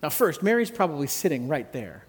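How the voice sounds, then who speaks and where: Conversational pastor with a long hall echo. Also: male voice, fairly high pitch, sing-song, brisk, slightly rough. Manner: conversational, reflective, with gentle humor. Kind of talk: sermon.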